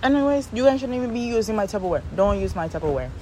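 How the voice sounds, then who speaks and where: A woman hosting a podcast, rambling and venting in a casual monologue with animated asides, recorded outdoors in the shade on a phone. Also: mid-range voice, racing, slight background noise, rough recording. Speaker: podcast host.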